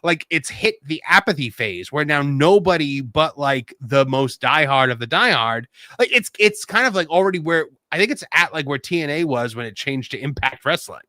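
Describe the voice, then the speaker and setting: A man rambles through casual wrestling chat with a bright, forceful tone, his pitch bouncing around. He leans on "like" all the time, and his voice comes across dry and close. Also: lively intonation, moderate pace, few pauses, no echo. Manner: rambling, heavy on "like".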